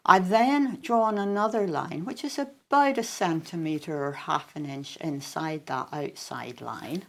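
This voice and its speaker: A woman, a quilting expert, explaining a craft demonstration on a shopping channel in a chatty way with frequent pauses. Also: low voice, creaky.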